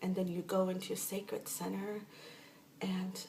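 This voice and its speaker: A woman's voice: mid-range voice, little pitch movement, measured pace, gravelly. A woman talking through a spiritual practice in a casual, rambling way, often restarting her sentences. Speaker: spiritual teacher. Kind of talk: casual guided instruction. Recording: roomy echo, mic at a distance, faint noise.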